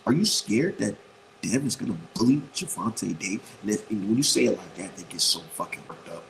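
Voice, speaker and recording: A man's voice: lowish voice, lively intonation, fairly quick, gravelly, slight background noise, low-quality recording. A man giving casual boxing opinions in a blunt, profane, rambling way, repeating his points for emphasis. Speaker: boxing commentator.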